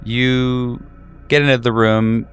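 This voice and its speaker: A man narrating as game master of a tabletop horror game, describing scenes with frequent halting fillers. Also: medium pitch, steady tone, fairly bright tone, clean tone, soft background music.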